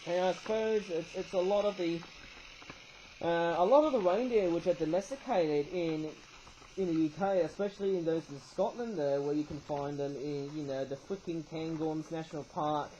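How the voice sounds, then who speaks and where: A man's voice: on the high side, moderate pace, warm tone, muffled recording, slight background noise. A man talking casually as he reviews toys, rambling and hesitant, often ending thoughts with a questioning "eh?". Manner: rambling, tags remarks with "I suppose, eh?"; hesitant, many fillers and restarts. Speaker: toy reviewer. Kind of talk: casual toy review talk.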